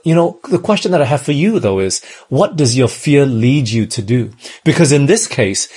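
A man who grew up in Australia preaches a sermon. His voice is very husky and rough, at an ordinary pitch for a man. He talks in a conversational way and keeps turning to the listeners with questions. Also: a little mellow.

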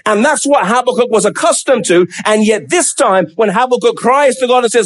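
High-pitched guy preaching a sermon, emphatic, voices the pleas like real questions. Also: brisk, few pauses. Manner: emphatic, acts out quoted pleas with rising intonation.

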